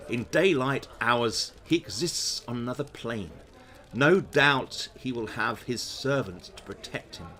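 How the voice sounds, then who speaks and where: A man voicing a stern, tired old male wizard in a calm, measured way. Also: mid-range voice, slight background noise. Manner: calm, slow, measured reading.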